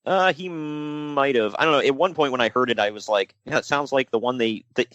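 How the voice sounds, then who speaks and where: A man's voice: medium pitch, a little fast, no echo, lo-fi sound. A man co-hosting a casual wrestling podcast, joking around and slipping into mock voices. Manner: jokey, animated, slips into mock voices. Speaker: podcast co-host.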